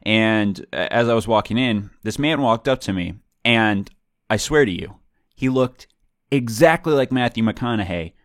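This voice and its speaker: Low-voiced man rambling through a story. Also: expressive, moderate pace, no room sound, clean studio sound. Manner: rambling, with frequent self-corrections and fillers. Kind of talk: casual storytelling monologue.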